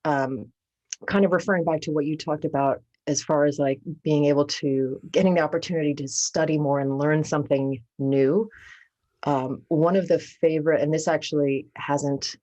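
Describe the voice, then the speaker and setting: A woman with a notably low voice co-hosts a relaxed podcast conversation. She jokes around and laughs easily, keeping a playful, chatty tone. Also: normal speed, highs cut off. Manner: joking, playful, laughs often. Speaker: podcast co-host. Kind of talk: casual podcast chat.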